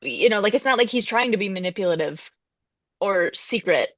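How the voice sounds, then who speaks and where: A woman's voice: medium pitch, expressive, a little fast, a bit bright, no echo. A woman co-hosting a casual chat, giving wry, quippy opinions. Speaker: podcast co-host.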